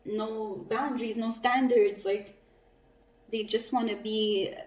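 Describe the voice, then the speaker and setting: A woman giving a casual spiritual tarot reading, chatty and quick to laugh, with some casual swearing. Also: fairly high pitch, fairly even intonation, darkish tone. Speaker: tarot reader. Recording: roomy echo, mic at a distance.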